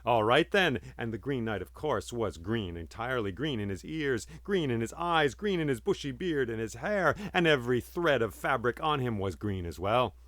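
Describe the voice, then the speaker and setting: Measured storyteller man, dry close sound. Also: mid-range voice, expressive, a bit bright, dry recording. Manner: measured, dramatic, vivid. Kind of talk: oral storytelling.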